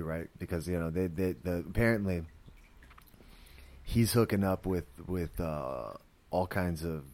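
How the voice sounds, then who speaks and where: Casual male podcaster with a deep voice, rambling, filler-heavy, profane recap. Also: dark tone. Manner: rambling, full of "like" and "you know", swears freely. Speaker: podcast host reviewing a series.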